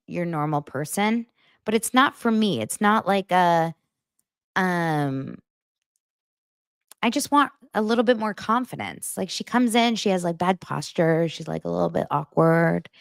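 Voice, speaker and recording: Gushing, animated woman host. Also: medium pitch, vocal fry, clean tone, no room sound, clean studio sound. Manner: gushing, animated, lots of "like" fillers. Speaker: podcast host recapping reality TV. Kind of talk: casual chatty commentary.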